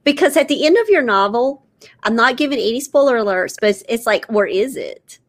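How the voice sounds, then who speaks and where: A woman's voice: on the high side, lively intonation, fairly quick. A woman hosting an interview, asking questions in an encouraging, upbeat way. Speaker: interviewer, host. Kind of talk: casual interview.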